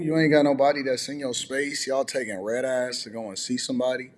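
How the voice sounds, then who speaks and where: A man's voice: medium pitch, steady tone, a little fast. A man hosting a reaction show, commenting on clips in a mocking, incredulous way. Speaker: commentator host.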